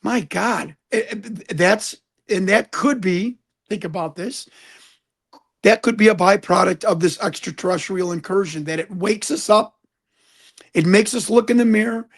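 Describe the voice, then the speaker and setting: A man's voice that sits high, creaky with a breathy edge, at a measured pace. He's a guest and UFO investigator in a conversational interview, speaking earnestly, even preachily, and repeating words when he gets stuck searching for the next thought.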